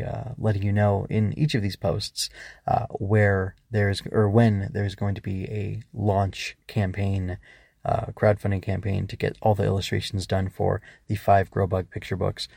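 A male author hosting his own podcast, reading aloud and chatting in between with plenty of hesitant fillers. His voice sits low with a gravelly fry, and the recording is dry and close. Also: mellow, no room sound. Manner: hesitant, filler-heavy asides. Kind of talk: story reading and podcast outro.

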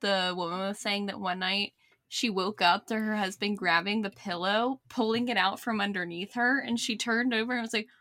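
A woman with a bright, forward voice co-hosts a casual podcast chat. She tells loose, rambling anecdotes and laughs often. The sound is dry and close, with no room reverb. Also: medium pitch, fairly even intonation, normal speed. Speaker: podcast co-host.

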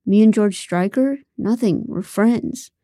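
A woman's voice: medium pitch, mellow, no echo, studio quality, natural voice. A woman reading the part of a defensive young male reality-show contestant in an audiobook, talking evasively and backpedalling. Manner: defensive, stammering, quick to backpedal.

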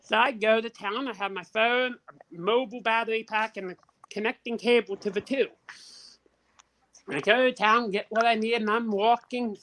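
Higher-voiced man telling a profane story. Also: normal speed, low-quality recording. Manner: profane, animated, acts out the people in his stories. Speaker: podcast co-host. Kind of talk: casual storytelling.

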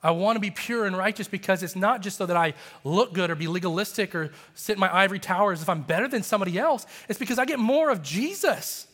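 High-voiced man preaching in a reverberant hall. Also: quick pace, few pauses. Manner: passionate, animated preaching with rising emphasis. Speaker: pastor. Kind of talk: sermon. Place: church sanctuary.

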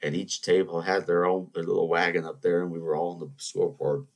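A young man with a very deep, low voice spins rambling anecdotes for a podcast. He drifts off on tangents, restarts his sentences and keeps circling back with asides. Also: level tone, brisk, a little mellow. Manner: meandering, many restarts and asides. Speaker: podcast host.

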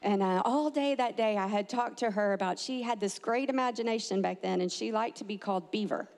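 A mother telling a family story, animated and acting out the quotes with big jumps in pitch. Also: fairly quick. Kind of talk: personal storytelling. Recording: long hall reverb.

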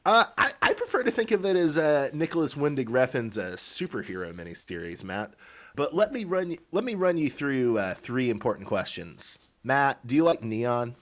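Animated, teasing male co-host. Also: mid-range voice, moderate pace. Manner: teasing, animated, laughs often. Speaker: podcast co-host. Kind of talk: casual chat.

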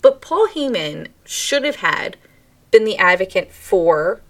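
Female co-host, relaxed banter, dry and inquisitive. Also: mid-range voice. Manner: wry, questioning, quick to laugh. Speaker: podcast co-host. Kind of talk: casual wrestling chat.

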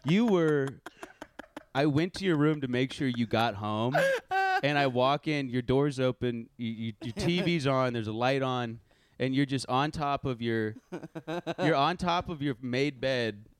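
A young man telling a story on a casual podcast, animated and swearing, acting out what others said. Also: mid-range voice, unhurried, clean tone. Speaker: podcast host.

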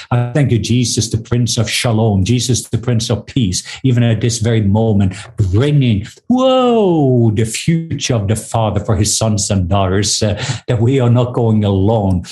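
A middle-aged man from Norway, a guest minister, leading a slow, drawn-out spoken prayer. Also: fairly low pitch, dark tone.

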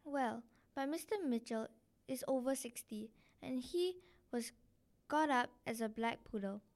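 A woman's voice: high voice, lively intonation, a little slow. A woman reading aloud as a worldly, meddling society lady who hints at intrigue in a gushing, insinuating way.

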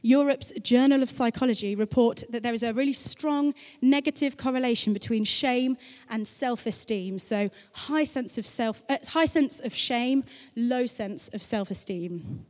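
A woman's voice: fairly high pitch, unhurried, hardly any pauses, a little mellow. Chatty woman preaching in an echoing hall. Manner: chatty, anecdotal, playful asides. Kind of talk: sermon. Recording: long reverb of a large hall.

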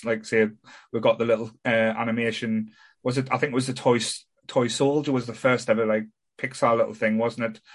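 A man co-hosting a casual podcast chat, talking in a halting way with frequent stammers and restarts. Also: mid-range voice, a bit bright. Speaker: podcast co-host.

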